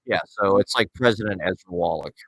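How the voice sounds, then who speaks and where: A man's voice: lowish voice, lively intonation, brisk, vocal fry, fairly bright tone, no echo, low-quality recording. A man in his forties rambling and ranting sarcastically and profanely as he hosts his show solo. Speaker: podcast host. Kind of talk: solo casual rant.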